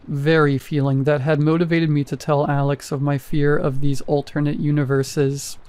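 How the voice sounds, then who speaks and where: A man narrating a first-person horror story in a measured, even way. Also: fairly high pitch.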